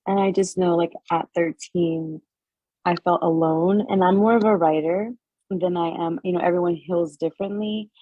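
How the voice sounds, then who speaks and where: A woman with a mellow, husky voice shares her experience in a healing class. She speaks haltingly and emotionally, with many fillers. The sound is dry and dull. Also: lowish voice, steady tone, dry recording. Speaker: class participant and healer. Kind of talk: sharing in a group class.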